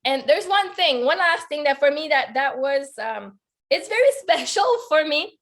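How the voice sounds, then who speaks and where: A woman with a high voice tells a heartfelt personal story as a life coach guest. She speaks earnestly and fills her sentences with "like." The sound comes through a video call. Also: lively intonation, normal speed. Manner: earnest, heartfelt, many "like" fillers.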